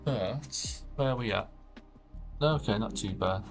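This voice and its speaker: A man's voice: fairly low pitch, a little slow. Rambling man streaming his art. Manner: rambling, thinking aloud with soft trailing phrases. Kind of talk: casual livestream chat while drawing. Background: faint background music.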